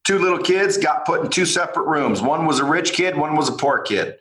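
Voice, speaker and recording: A fairly high-voiced man with a bright, forceful tone speaks bluntly and swears freely. He tells lively stories in a casual podcast chat. His voice carries a noticeable room echo. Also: brisk. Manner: blunt, profane, animated storytelling. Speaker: podcast guest, entrepreneur.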